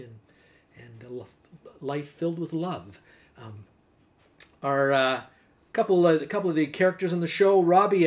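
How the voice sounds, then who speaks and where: A middle-aged man from Canada hosting a live online show, chatting casually with many halting fillers. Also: mid-range voice. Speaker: show host. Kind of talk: casual livestream chat.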